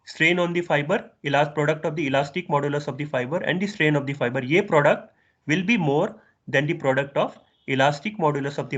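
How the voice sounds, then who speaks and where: Fast-talking Indian man lecturing. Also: fairly high pitch, a bit bright, lo-fi sound. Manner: switches between English and Hindi, asks frequent rhetorical questions; restarts and corrects himself. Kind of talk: engineering lecture.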